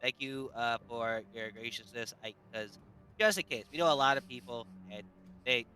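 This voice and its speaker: A man's voice: mid-range voice, moderate pace, bright, forceful tone, soft background music. A man playing in a tabletop game, joking and playful. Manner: playful, jokey. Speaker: player. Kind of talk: casual tabletop play.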